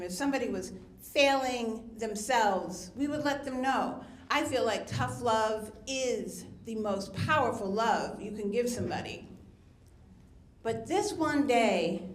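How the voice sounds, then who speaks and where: A woman's voice: on the high side, reverberant. A woman performing a candid, confessional personal story as a storyteller.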